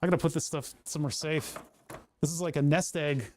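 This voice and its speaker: A man's voice: a little high, steady tone, fairly quick, a little mellow, a little hiss or hum. A man from Pennsylvania livestreaming, chatting casually and rambling while reading his chat aloud. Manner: rambling, self-deprecating, reads chat aloud. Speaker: streamer.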